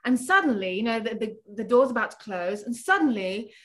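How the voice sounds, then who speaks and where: An actress being interviewed, chatty and animated, laughing often as she tells an anecdote. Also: on the high side, brisk. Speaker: actress guest. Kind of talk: casual interview chat.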